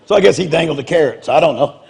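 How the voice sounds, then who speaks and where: A man's voice: a little high, lively intonation, racing, gravelly, darkish tone, slight background noise. A man preaching in a humorous storytelling style, blunt and self-mocking, often laughing as he talks. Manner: blunt, confrontational delivery.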